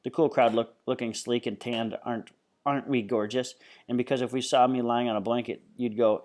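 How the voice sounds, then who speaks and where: A man's voice: mid-range voice, fairly even intonation, fairly quick, darkish tone. A man reading a novel aloud in a casual, first-person storytelling way. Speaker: reader.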